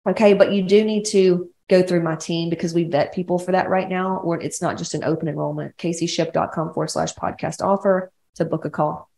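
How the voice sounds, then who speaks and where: This Southern-accented podcast host and women's coach from West Georgia has a warm, lowish voice with vocal fry. Speaking fairly quickly, with few pauses and fairly even intonation, she rambles bluntly and curses freely in a casual solo monologue recorded in an echoey room.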